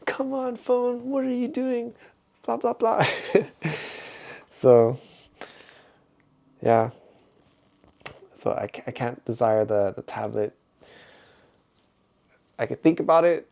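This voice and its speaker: Mellow-voiced middle-aged man musing aloud. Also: medium pitch. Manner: rambling, reflective, chuckles often. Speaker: vlogger. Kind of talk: casual vlog monologue.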